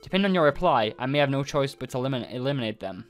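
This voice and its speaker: A man's voice: medium pitch, lively intonation, rapid-fire, soft background music, natural voice. A man reading game dialogue aloud as a stern, commanding psychic creature who leads a team.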